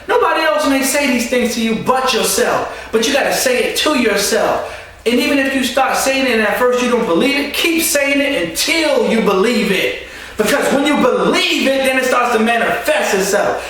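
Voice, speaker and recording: A man's voice: extremely high pitch, a bit bright. A man speaking as a motivational speaker, urging listeners with emphatic, repetitive exhortation in a preaching style. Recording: echoey room from a distance, faint hiss.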